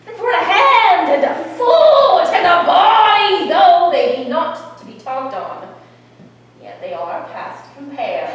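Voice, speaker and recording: A woman on an outdoor stage playing a chattering, bawdy old female nurse who teases and rambles about her aching bones. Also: high voice. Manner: rambling, teasing, grumbling about aches. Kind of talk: live stage acting. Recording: distant echoey stage recording, faint ambience.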